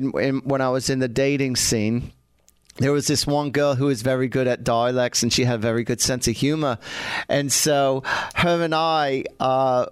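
A man's voice: fairly high pitch, clear, resonant tone, no room sound. A man hosting a psychic talk radio show, telling rambling stories in a put-on English accent, full of fillers and restarts. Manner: rambling, chatty storytelling with filler words and restarts. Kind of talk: casual talk radio chat.

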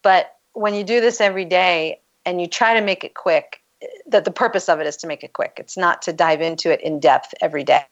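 Relaxed woman coach, slightly low voice. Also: fairly quick, lo-fi sound. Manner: relaxed explaining, laughs often. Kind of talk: casual conversation.

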